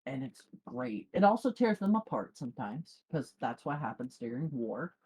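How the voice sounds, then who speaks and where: A man's voice: medium pitch, big pitch swings, moderate pace, a little mellow, husky, poor audio. A man who hides a Southern background, co-hosting a casual podcast chat in an easygoing way and laughing often. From Southern United States. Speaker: podcast co-host.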